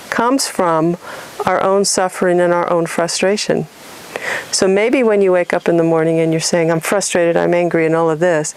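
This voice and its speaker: A woman's voice: lowish voice, a little mellow, clean tone. A middle-aged woman from California giving an earnest spiritual talk, acting out inner voices and asking rhetorical questions. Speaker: spiritual teacher.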